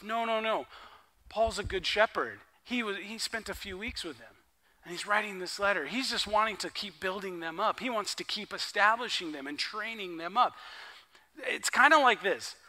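A man preaching a conversational sermon at a church worship service, an excitable and enthusiastic storyteller. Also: high voice. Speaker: pastor.

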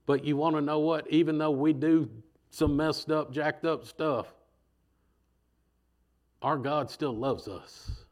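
Male preacher, slightly high voice, conversational and animated, acts out voices. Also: slow pace, long pauses. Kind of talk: sermon.

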